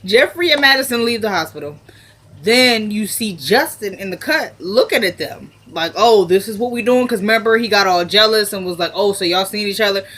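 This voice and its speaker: A woman's voice: mid-range voice, lively intonation, brisk, a bit bright. A woman casually recapping a TV episode to her camera. She retells scenes by slipping into the characters' lines. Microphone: self-recorded camera.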